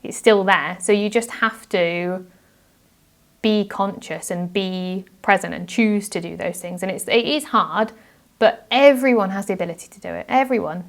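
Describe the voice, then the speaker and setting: A woman's voice: mid-range voice, moderate pace. A woman being interviewed on a podcast, talking earnestly and reflectively about handling conflict, often acting out example phrases. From United Kingdom. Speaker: podcast guest. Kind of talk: casual interview chat.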